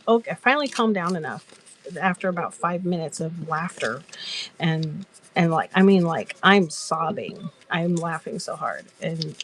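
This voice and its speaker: A woman's voice: fairly low pitch, slight background noise. A woman hosting a casual crafting chat, telling stories in a giggly, rambling way. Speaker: crafter and live-selling host.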